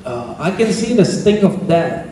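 A man's voice: on the high side, measured pace. A man with an Indonesian accent preaching a sermon as a pastor, telling stories with many restarts. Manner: animated storytelling with frequent restarts. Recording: very echoey church with faint noise.

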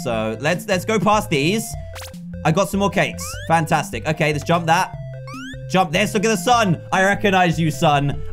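A young British man in his twenties giving excitable, jokey let's-play commentary, talking to the characters as he plays. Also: on the high side. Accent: British English. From England. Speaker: gaming YouTuber.

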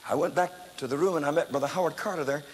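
An older man preaching a testimony sermon, telling his story in an animated, dramatic way that breaks into loud exclamations. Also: fairly high pitch, very fast. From United States. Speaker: evangelist preacher. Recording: echoey hall, faint background noise.

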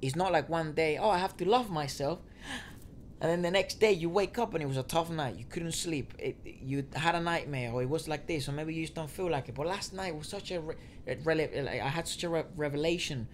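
A man co-hosting a casual chat, slowly working through his thoughts with restarts and asides. Faint noise sits under a rough recording. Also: on the high side. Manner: thoughtful, explains at length with restarts. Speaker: co-host. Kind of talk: casual chat reacting to music. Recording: faint noise, audio trouble said.

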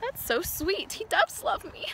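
Chatty high-voiced woman vlogger. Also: big pitch swings, unhurried, bright, forceful tone, slight background noise. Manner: chatty, talks sweetly to her horse. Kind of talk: casual vlog chat. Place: outdoor horse paddock.

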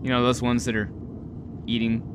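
A young man giving live gameplay commentary, talking to himself, excitable and swearing often. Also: mid-range voice, normal speed, noisy background. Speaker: gaming video host.

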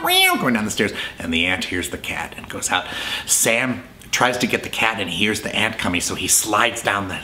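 A man's voice: on the low side, huge pitch swings, moderate pace, bright, forceful tone, slight background noise. Chatty man retelling an old film. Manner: chatty storyteller who acts out the scenes. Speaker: film reviewer. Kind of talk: casual film review.

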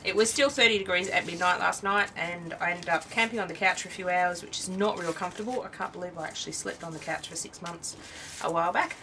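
Speaking fast with hardly any pauses, this weary Australian craft host shows off her work in a lowish, fairly even, pushed and bright voice. She's chatty and rambling, interrupting herself often, and the poor audio comes from a distant mic with slight background noise.

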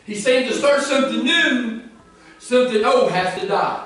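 A man preaching a sermon to a responding congregation, fervent and calling out, at times rising to shouts. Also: very high voice, normal speed. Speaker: pastor. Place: church sanctuary. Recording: echoey church hall from a distant mic.

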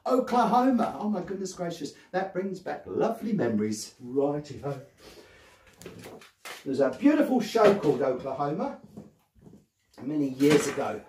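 A man, a children's magician telling a story in a playful, animated way to young children. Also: a little high, moderate pace, background noise. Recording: roomy sound from a distant mic.

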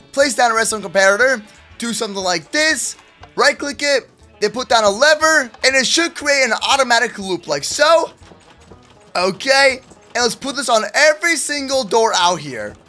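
Hyped young man narrating a game. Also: very high-pitched. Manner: hyped, hushed stealth narration. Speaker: gaming video host. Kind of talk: energetic game commentary.

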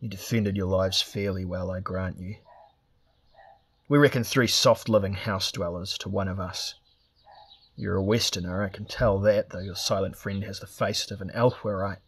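A man's voice: low voice, fairly even intonation, moderate pace, slightly rough. A man voicing a gaunt, cruel barbarian warlord who talks with harsh contempt. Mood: mocking.

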